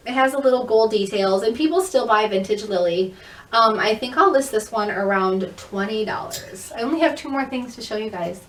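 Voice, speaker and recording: A woman chatting quickly and upbeat as she shows off a thrift haul in a casual vlog. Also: on the high side. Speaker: thrift reseller vlogger. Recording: echoey room, mic at a distance.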